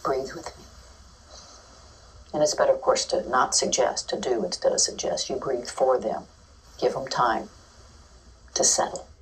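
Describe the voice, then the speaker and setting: Brief: deep-voiced woman educator, chatty talk recorded from across the room. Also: normal speed, distant mic, low-quality recording. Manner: lively, acts out children's and teachers' voices. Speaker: early childhood educator giving a talk. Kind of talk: informal teaching talk.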